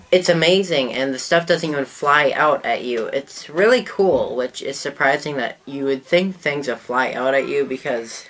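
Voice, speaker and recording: A woman vlogger in a casual show-and-tell talk to the camera, chatty and rambling, often trailing off mid-sentence. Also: rumbling low.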